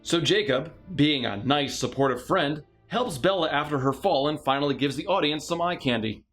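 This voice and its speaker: A man's voice: on the high side, expressive, normal speed, hardly any pauses, a bit bright, faint music behind. A man narrating a scripted comedic movie review with sarcastic, mocking asides.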